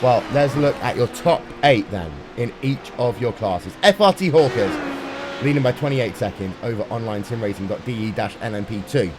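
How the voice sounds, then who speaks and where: A man calling a sim race live, brisk and playful, with dry jokes. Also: medium pitch, expressive, background noise. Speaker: sim racing commentator. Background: music playing underneath.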